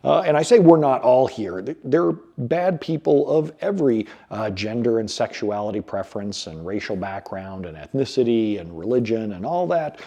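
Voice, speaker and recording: Gravelly, frank man answering questions. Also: medium pitch, lively intonation, normal speed, few pauses, mellow. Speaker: host answering viewer questions. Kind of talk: casual chat. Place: home bar.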